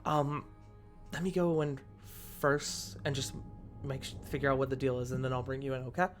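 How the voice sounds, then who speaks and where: A man voicing a shy, caring young woman in a tabletop role-play, speaking softly and hesitantly. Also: medium pitch, little pitch movement, moderate pace, soft background music, natural voice.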